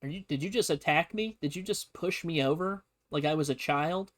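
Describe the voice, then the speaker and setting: A man's voice: a little high, moderate pace, fairly bright tone, lightly acted. A man voicing a blustering male naval commodore in a casual, exaggerated manner. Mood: indignant. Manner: exaggerated, cursing and indignant.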